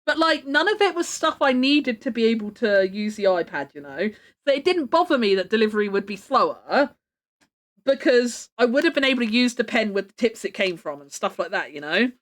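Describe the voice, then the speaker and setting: Animated woman streamer, high voice. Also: brisk. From United Kingdom. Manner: rambling, filler-heavy, swears casually. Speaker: live streamer. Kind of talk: casual livestream chat.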